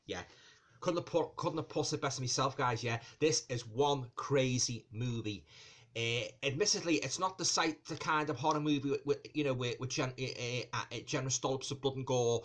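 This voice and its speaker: A man's voice: mid-range voice, normal speed, a bit bright. A man giving a casual movie review for his viewers. He rambles, restarts phrases and fills gaps with "you know" and "and that", often calling his audience guys. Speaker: film reviewer.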